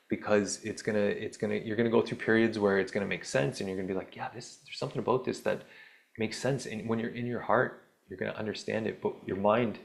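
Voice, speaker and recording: Gravelly low-voiced man musing casually. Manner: rambling, self-interrupting, wry asides. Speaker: podcast host. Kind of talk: casual spiritual monologue.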